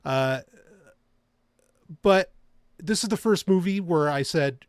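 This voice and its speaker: A man's voice: on the high side, slow, pauses often, clear, resonant tone, no room sound. A man hosting a podcast in casual chat, rambling with many restarts and frequent laughter. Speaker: podcast host.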